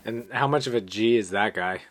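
A man's voice: lowish voice, brisk, no room sound. A man hosting a podcast in a studio, talking casually and laughing easily. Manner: relaxed, laughs easily, uses fillers. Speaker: podcast host. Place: small studio.

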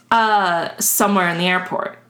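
A woman's voice: medium pitch, a bit bright, a little hiss or hum. A woman co-hosting a podcast, telling a story in a casual, chatty way and laughing often. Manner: chatty, laughs often, restarts while explaining. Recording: roomy echo.

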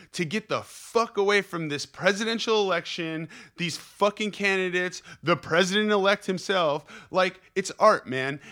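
Young guy podcast host ranting and cussing, higher voice, bright and kinda tense. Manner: profane, fired-up, rambling pep talk. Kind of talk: casual podcast monologue.

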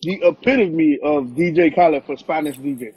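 A slightly high, husky voice with a darkish tone and normal pace belongs to a young adult podcast co-host. His casual, brash, profanity-heavy, emphatic talk is streamed from a phone on Instagram live, in a low-quality recording with no room sound.

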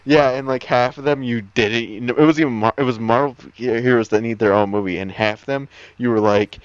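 An easygoing man co-hosting a casual chat, reading out items and laughing often between them. His mid-pitched voice comes through a dull, muffled recording with a dry, close sound. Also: a little fast, smooth, no room sound. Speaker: co-host reading out a list.

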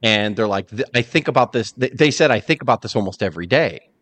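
A man hosting a casual podcast, telling stories with animation and acting out the lines he quotes. His voice sits at a middle pitch. The sound is dry and close. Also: fast, no room sound. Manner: animated storyteller, acts out quotes. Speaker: podcast host. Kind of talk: casual chat.

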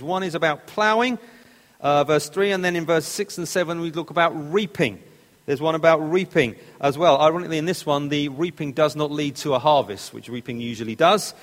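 A man's voice: fairly high pitch, fairly bright tone. Man preaching in a reverberant hall. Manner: expository, repeats phrases for emphasis. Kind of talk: sermon.

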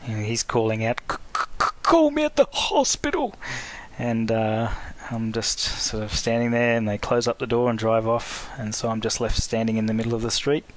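A man's voice: on the low side, monotone, brisk, hardly any pauses. A man phoning in to tell a long personal story, slipping into quoted voices along the way. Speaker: caller. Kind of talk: recorded phone story.

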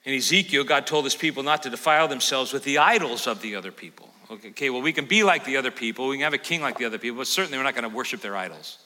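A male pastor preaching a sermon in a church, animated and acting out the voices of scripture. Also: medium pitch, racing, few pauses, long reverb tail, low-quality recording. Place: church sanctuary.

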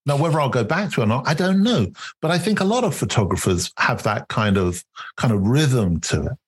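A man's voice: medium pitch, lively intonation, a little fast, husky. A man hosting a podcast, talking in a thoughtful, reflective way in a casual conversation. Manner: thoughtful, reflective, mild restarts. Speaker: podcast host.

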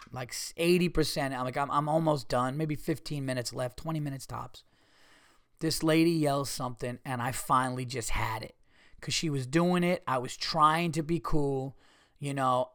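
A man's voice: a little high, no room sound, studio quality. A man who does stand-up comedy, hosting his podcast and telling a story in a casual monologue, swearing freely and acting out the quotes in a raised voice. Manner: animated, profane, acts out quotes in a raised voice. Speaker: podcast host.

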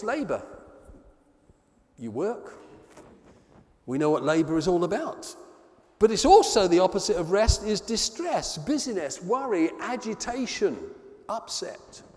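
Male preacher, high and highly animated, sermon storytelling, long hall reverb. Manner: expressive storytelling, drops to soft low tones on key words.

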